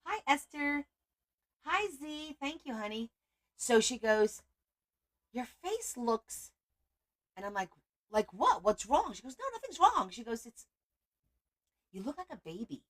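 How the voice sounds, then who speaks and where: A woman's voice: a little high, big pitch swings, takes it slowly, pauses often. A middle-aged woman hosting a casual livestream, chatting in a rambling way and greeting viewers by name. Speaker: livestream host.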